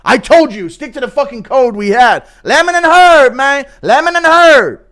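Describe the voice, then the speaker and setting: A man putting on the voice of excited young cornermen yelling catchphrases from the corner. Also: moderate pace, full character voice. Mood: shouting. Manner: loud, high, chanting catchphrases. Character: shouting young fight cornermen, rowdy and excited.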